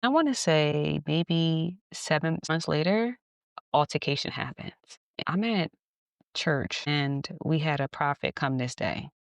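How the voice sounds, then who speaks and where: A woman podcast host telling a personal story in a candid, animated way, laughing at times. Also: low voice, measured pace, creaky, no room sound. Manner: animated, candid, acts out dialogue, laughs often.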